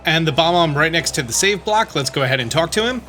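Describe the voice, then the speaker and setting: A man talks through a game walkthrough in a relaxed let's-play style and leans on "let's go ahead". His voice is bright and a bit high. Soft game music plays under him. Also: fast.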